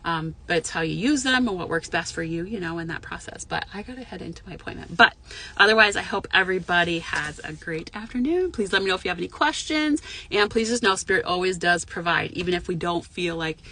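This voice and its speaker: Woman, spiritual medium, casual chat, bright voice, slightly low pitch, swears freely, rambling, from a parked car. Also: lively intonation, quick pace. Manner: frank, profane, rambling with many fillers. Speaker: intuitive medium and spiritual mentor. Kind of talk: casual live chat to viewers.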